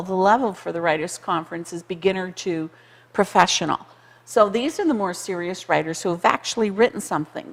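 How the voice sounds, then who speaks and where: A woman in her sixties or older from Canada, a conference co-founder telling stories in an animated TV interview and acting out quoted voices. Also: fairly low pitch, long reverb tail. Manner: lively, acts out quoted voices, laughs often. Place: community TV studio.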